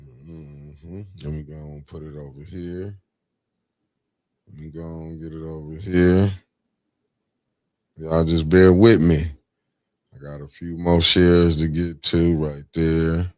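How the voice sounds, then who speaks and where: Deep-voiced man hosting a live stream. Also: flat delivery, slow, pauses often, a little mellow, no echo. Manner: greets viewers by name, calls them family and beloved; talks while fiddling with sharing the stream. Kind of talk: casual live-stream chat.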